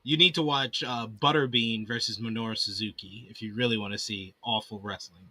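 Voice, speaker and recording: A man's voice: lowish voice, steady tone, fairly quick, pushed and bright, no room sound. Guy co-hosting a wrestling chat, dry close sound, sarcastic and laughing a lot. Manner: wry, sarcastic, laughs often. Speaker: podcast co-host. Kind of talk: casual wrestling preview chat.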